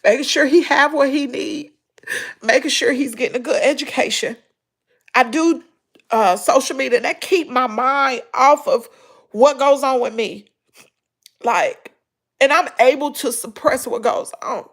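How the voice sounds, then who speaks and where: A woman's voice: high-pitched, measured pace, a bit bright, slightly rough. A middle-aged woman with a Southern US accent, talking emotionally in a personal vlog, sighing and tearful. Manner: tearful, sighing, breaking into crying. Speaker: vlogger.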